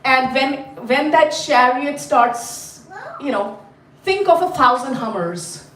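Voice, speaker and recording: A woman from India, telling a story to a class in an animated, chatty way and quizzing her listeners. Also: high-pitched, takes it slowly, a little hiss or hum. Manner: animated, chatty, asks the group questions. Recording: roomy, mic at a distance.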